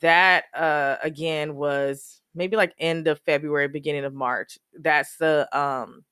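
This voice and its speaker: A woman's voice: low-pitched, steady tone, measured pace, fairly bright tone, clear, resonant tone, no echo, clean studio sound. Chatty woman laughing through grief. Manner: laughs often while telling sad memories; many fillers like "you know" and "um". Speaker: podcast host. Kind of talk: personal storytelling, casual.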